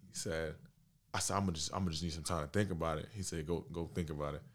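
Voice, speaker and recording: Deep-voiced young man telling a story. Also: fast talker. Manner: animated storyteller, slangy, acts out dialogue. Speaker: podcast guest. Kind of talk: casual storytelling chat.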